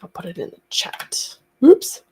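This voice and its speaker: A woman's voice: a little slow, warm tone, slight background noise. A woman hosting a casual studio livestream, chatty and rambling, laughing easily.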